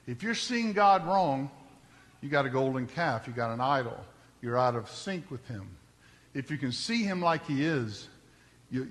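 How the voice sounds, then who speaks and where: A man preaches from the pulpit in a high, bright, forceful voice. He talks to the congregation like a conversation, then climbs into emphatic peaks. The church hall rings with a long reverb. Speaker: pastor. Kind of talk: sermon. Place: church sanctuary.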